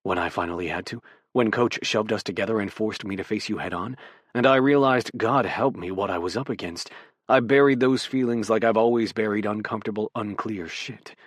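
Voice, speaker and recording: A man doing a low-voiced footballer, husky and hushed, a gruff man gone tender in an audiobook romance, spoken close in a dry room. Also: fairly quick, no room sound, close to an everyday voice. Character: gruff, tender adult male footballer lover. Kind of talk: audiobook character voice.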